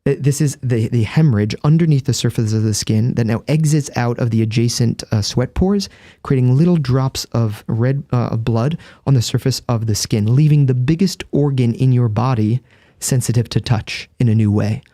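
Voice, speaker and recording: Priest guy telling it earnest and vivid, warm low-key voice, no room echo. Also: normal speed, clean studio sound. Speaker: Catholic priest, guest. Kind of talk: conversational explanation.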